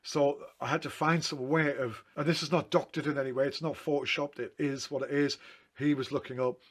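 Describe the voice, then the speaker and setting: A man's voice: mid-range voice, fairly even intonation, brisk. Chatty man rambling through photo stories. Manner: rambling, self-correcting, chatty. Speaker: photographer talking through his photo book. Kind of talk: casual anecdotal storytelling.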